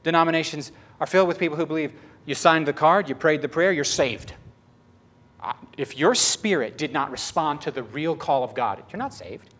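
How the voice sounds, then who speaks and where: Animated preacher, higher-pitched man. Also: moderate pace. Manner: animated, conversational, emphatic. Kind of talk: sermon.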